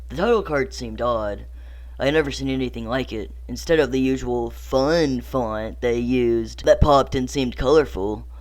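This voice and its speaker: A man reading a horror story aloud as narrator, theatrical, dropping to hushed whispers and rising to anguished cries. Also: mid-range voice. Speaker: creepypasta narrator.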